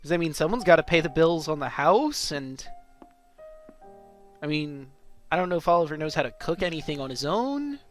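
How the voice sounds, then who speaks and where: A man's voice: a little high, big pitch swings, moderate pace, long pauses, soft background music. A man chatting and joking while commenting on a video game. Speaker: let's play commentator.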